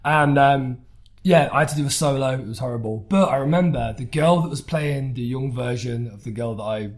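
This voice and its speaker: A man's voice: medium pitch, a little fast. A young man, co-hosting a casual podcast chat, rambling through memories with lots of "like" and restarts. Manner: loose, rambling, full of "like" and restarts. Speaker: podcast co-host.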